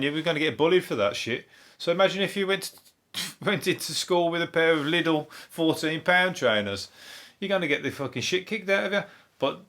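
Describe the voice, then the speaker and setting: A comedian from Birmingham, England hosts a casual solo podcast in a mid-range, slightly bright voice with a Birmingham accent. He rambles loosely, swears often and chuckles to himself.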